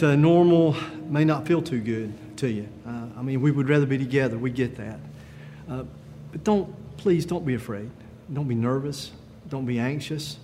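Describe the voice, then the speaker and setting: A man pastor preaching a sermon in a gentle, conversational way, with frequent pauses and fillers. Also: mid-range voice, big-room sound, a little hiss or hum.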